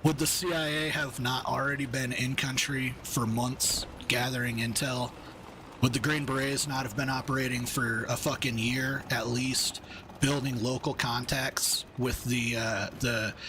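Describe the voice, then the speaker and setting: A man's voice: medium pitch, level tone, unhurried, noisy background. A man, angry and steamed up, ranting profanely and rambling in casual chat while streaming a game. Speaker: gaming streamer.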